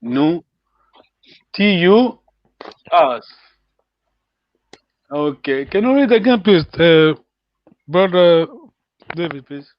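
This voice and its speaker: A man's voice: a little high, expressive, takes it slowly, pauses often, dull audio. A man teaching a language class online, patiently correcting his students' pronunciation.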